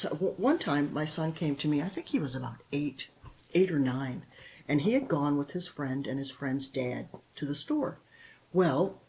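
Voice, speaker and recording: A middle-aged woman speaking as a podcast guest, her voice sitting a little low for a woman. She tells stories with energy, slips into the voices of the people she quotes, and laughs easily. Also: poor audio. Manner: animated storyteller who acts out quotes and laughs often. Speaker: guest, author and former teacher. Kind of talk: podcast interview storytelling.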